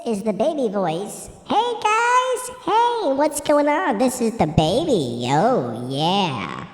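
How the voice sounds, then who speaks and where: A man demonstrating a voice changer that raises his pitch. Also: huge pitch swings, slow pace, full character voice. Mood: playful. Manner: playful demo of effects. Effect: voice changer raising pitch. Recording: echoey hall reverb effect.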